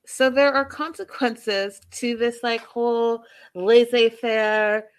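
A woman's voice: fairly high pitch, fairly even intonation, slow, hardly any pauses, smooth. A woman giving casual, passionate commentary on a reality show, full of emphatic rhetorical questions.

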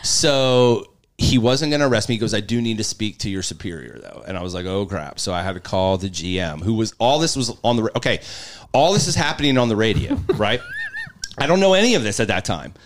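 Animated man telling a wild story. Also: lowish voice. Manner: energetic, laughs often, acts out quotes; fast, filler-heavy delivery with "literally" and "like". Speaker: podcast guest, stadium in-game host. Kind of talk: animated storytelling in a podcast conversation.

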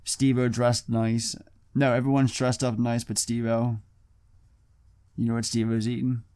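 A man's voice: medium pitch, completely flat delivery, unhurried, a little mellow, smooth, no echo, studio quality. A man co-hosting a casual film podcast, loosely retelling scenes with plenty of swearing. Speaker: podcast co-host. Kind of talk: casual film-review chat.

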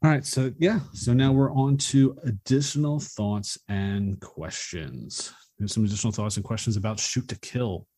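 A man co-hosting a movie podcast, reading out production facts and box office numbers at an even pace. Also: medium pitch, dry recording, clean studio sound. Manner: measured, fact-reciting delivery. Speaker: podcast co-host. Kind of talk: reading film trivia in casual chat.

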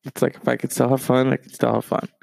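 A man's voice: medium pitch, completely flat delivery, fast, creaky, a little mellow, dry recording. A man in his late thirties hosting a solo podcast, rambling and gossiping with plenty of swearing. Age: 30s. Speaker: podcast host.

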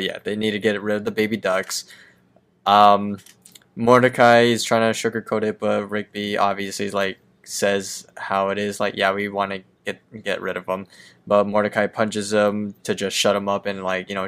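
A man with a lowish, smooth and resonant voice co-hosts a casual podcast. He talks through cartoon scenes in a relaxed, slightly hesitant way and makes light fun of himself. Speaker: podcast co-host. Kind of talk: casual chat recapping a cartoon episode.

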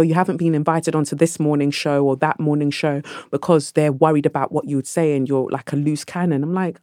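A woman guest on a podcast, telling stories in a lively conversational way and acting out the people in them. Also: low-pitched, dry recording, studio quality. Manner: animated, acts out voices in her anecdotes. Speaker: podcast guest, actress and author.

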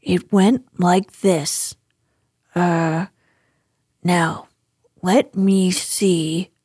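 A woman voicing a gentle, simple-minded male teddy bear who talks hesitantly, in a storybook reading. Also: lowish voice, steady tone, very slow, breathy edge, no echo, clean studio sound, pitched below the performer's own voice, full character voice. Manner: hesitant, musing.

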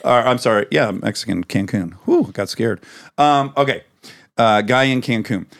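Lively, animated man reading aloud. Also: medium pitch, normal speed, gravelly. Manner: animated, laughing, swearing. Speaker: podcast host. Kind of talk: casual chat, reading tweets aloud.

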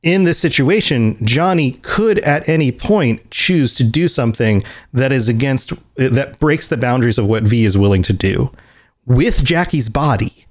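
A man's voice: medium pitch, expressive, normal speed. A man co-hosting a casual podcast, talking in a rambling way with many restarts, laughing as he acts out scenes. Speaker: podcast co-host. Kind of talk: casual chat.

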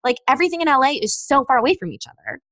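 A woman's voice: high voice, very fast, dry recording. A young woman telling a dating story in casual chat, acting out the texts she got and sent. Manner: animated storyteller, acts out texts in quoted voices.

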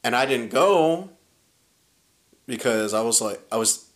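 A man in his thirties casually telling a story in a podcast chat, animated and swearing often, acting out what people said. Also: mid-range voice, measured pace. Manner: animated, profane, acts out quoted lines.

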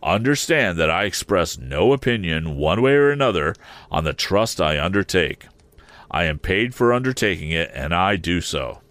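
A man's voice: low voice, sing-song, normal speed, a bit bright, no echo. A man voicing a brusque, commanding middle-aged lawyer with a clipped delivery. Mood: stern.

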